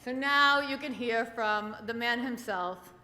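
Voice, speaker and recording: A woman giving a chatty, halting speech at an awards dinner, with plenty of fillers and small laughs. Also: a little high, bright, forceful tone. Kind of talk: nervous, chatty acceptance speech. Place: banquet hall at an awards dinner. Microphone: podium microphone. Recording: echoey banquet hall with faint noise.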